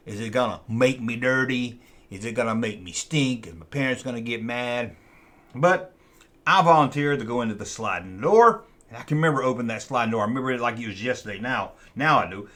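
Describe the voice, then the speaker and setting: In casual storytelling on his channel, the host wanders through a memory from his childhood, circling back to repeat things a lot. He speaks with a medium pitch and a slightly bright tone.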